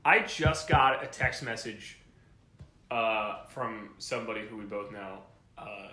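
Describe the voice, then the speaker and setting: A man's voice: lowish voice, steady tone, a little slow, pushed and bright, roomy sound. A man co-hosting a podcast in casual chat, rambling through stories and laughing often. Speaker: podcast co-host. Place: home during a power outage.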